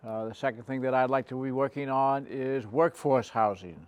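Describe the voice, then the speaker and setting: A man running for reelection to town council, speaking haltingly with many pauses and fillers. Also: mid-range voice, smooth, highs cut off. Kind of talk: candidate statement.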